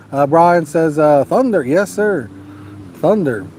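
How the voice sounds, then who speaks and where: A man's voice: fairly high pitch, animated, takes it slowly, darkish tone, breathy edge. A man hosting a live fishing stream outdoors at night, chatting casually and reading out viewer comments. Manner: laid-back, drawling, urges viewers to like and subscribe. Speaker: fishing livestream host. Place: outdoors at a lake at night, storm nearby.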